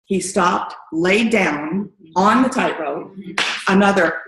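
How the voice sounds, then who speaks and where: A middle-aged woman giving an earnest testimonial at a training meeting, telling her story lively and acting out quotes. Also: mid-range voice, slow pace, crowd noise. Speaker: distributor sharing a story. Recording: echoey room.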